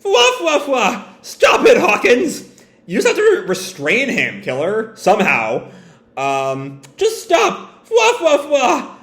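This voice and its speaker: A frantic male pirate, as a man puts him on, squeals high and strained, spilling helpless "fwa" cackles between pleas. His voice leaps all over the place, and the room around it echoes. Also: wildly swooping pitch, slow pace, a bit bright, heavily acted. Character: frantic male pirate who can't stop laughing.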